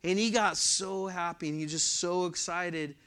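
A middle-aged man delivers a sermon at an unhurried pace, his voice slightly higher than most men's and smooth. He reads scripture with rising force and breaks off for brief explanatory asides. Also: fairly even intonation. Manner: preaching verse by verse with asides, rising louder when reading scripture. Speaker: pastor.

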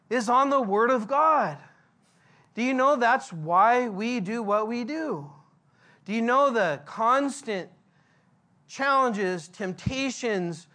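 A man's voice: very high-pitched, lively intonation, slow pace, long pauses, sharp tone. A male pastor preaching a verse-by-verse sermon in a conversational, emphatic way, asking the congregation questions.

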